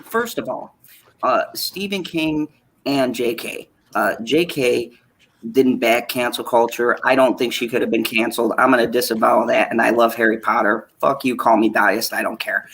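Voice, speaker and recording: A man's voice: medium pitch, fairly even intonation, moderate pace, creaky, a bit bright, slight background noise. A man co-hosting a casual live chat, ranting heatedly with frequent swearing and mocking asides. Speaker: podcast co-host.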